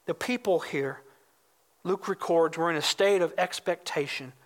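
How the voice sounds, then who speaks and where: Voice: mid-range voice, moderate pace. A pastor preaching a sermon, explaining scripture with emphasis and reading verses aloud.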